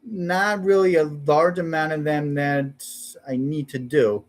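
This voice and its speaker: Man, high register, unhurried, self-correcting casual delivery. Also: fairly even intonation. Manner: halting, self-correcting, unpolished. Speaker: amateur parody songwriter. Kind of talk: casual spoken intros between sung parodies.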